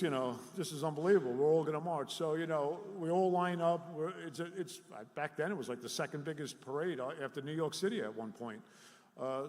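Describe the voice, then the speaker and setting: A middle-aged man from City, telling animated, self-deprecating stories as a speaker at a recovery workshop. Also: on the high side. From Jersey City, New Jersey. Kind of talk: live storytelling talk. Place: workshop hall before an audience. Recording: echoey hall with long reverb.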